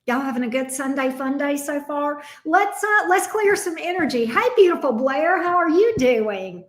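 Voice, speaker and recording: A woman's voice: high-pitched, expressive, moderate pace, echoey room. A woman with a Southern US accent hosting a tarot livestream, chatting casually and greeting her viewers one by one by name.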